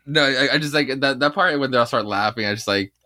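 A man's voice: mid-range voice, fast talker, sharp tone, no room sound, clean studio sound. A man co-hosting a podcast, chatting about comics in an easygoing, agreeable way. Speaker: podcast co-host. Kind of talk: casual comic book review chat.

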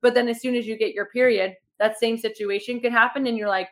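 A woman's voice: a little high, fairly even intonation, quick pace, hardly any pauses. A young woman coaching her fitness clients in casual podcast talk, upbeat and encouraging, with many fillers. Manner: chatty, says "like" a lot.

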